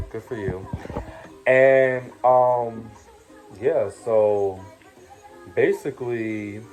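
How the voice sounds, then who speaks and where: A man's voice: medium pitch, mellow, low-quality recording. Man ranting with profanity over faint music. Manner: profane, heated rant with repeated taunts; filler-heavy, says "you know what I'm saying" a lot. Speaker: reality show cast member telling his story. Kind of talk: casual storytelling vlog rant.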